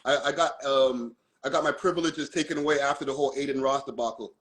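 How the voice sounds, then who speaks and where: A man's voice: medium pitch, steady tone, fast, a bit bright, rough recording. A man from Toronto with a Toronto accent, chatting easygoingly as a guest on a live stream and using slang like "fam" and "bro". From Toronto, Canada. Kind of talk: casual chat on a live stream.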